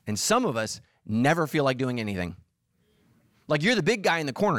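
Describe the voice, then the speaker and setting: A man's voice: on the high side, fairly quick, no room sound, studio quality. A middle-aged man preaching a humorous sermon, acting out voices and quotes as he tells stories. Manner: animated, acts out voices and quotes. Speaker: pastor.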